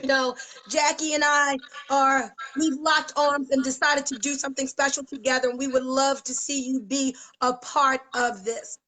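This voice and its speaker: Woman, American accent, motivational pitch, fervent, preacher-like, bright tone. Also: steady tone, moderate pace, poor audio. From United States. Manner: fervent, preacher-like, tearful at times. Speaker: network marketing leader. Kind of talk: emotional motivational pitch on a live video.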